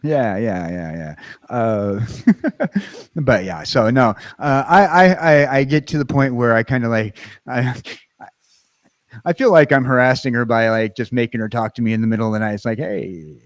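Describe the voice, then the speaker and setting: A man's voice: medium pitch, moderate pace, dry recording, clean studio sound. An American man hosting a casual livestream chat. He rambles and halts, with lots of fillers and restarts. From United States. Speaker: livestream host.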